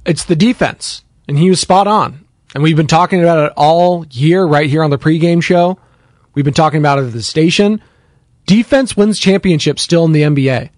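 A male sports radio host talks bluntly and casually, pregame-show style, reading viewer comments in an animated way. His somewhat high voice swings upward when he gets worked up, and he speaks at normal speed with close, dry studio sound and no room sound.

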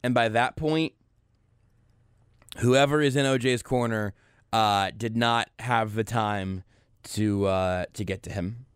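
Male talk radio host, wry deadpan delivery, smooth resonant voice, dry studio mic. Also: fairly low pitch, takes it slowly, pauses often, no room sound. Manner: wry, deadpan riffing with frequent restarts. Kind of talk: casual talk-radio banter. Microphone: studio microphone.

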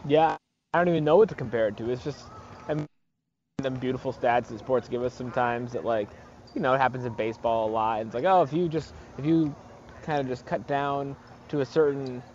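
A man's voice: medium pitch, steady tone, brisk, darkish tone, a little hiss or hum. A man, a sports reporter calling in by phone from an arena, talking casually and rambling with many fillers. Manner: rambling, lots of fillers and restarts. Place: arena in another city. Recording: dull phone-in line.

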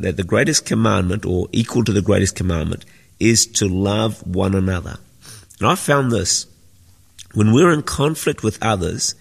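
A man's voice: lowish voice, creaky, husky. A man preaching a sermon as senior pastor, earnest and teaching, repeating phrases for emphasis. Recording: echoey hall with long reverb.

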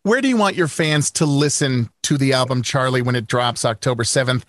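A man's voice: medium pitch, fairly quick, a bit bright, no echo, clean studio sound. A man hosting an interview, asking chatty, upbeat questions. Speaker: interview host. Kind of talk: casual interview.

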